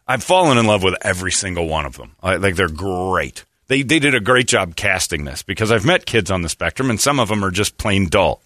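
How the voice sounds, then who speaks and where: A man's voice: deep voice, brisk, hardly any pauses, no echo, clean studio sound. A man hosting a comedic podcast chat, rambling and sarcastic. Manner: rambling, sarcastic, animated, slips into mock voices.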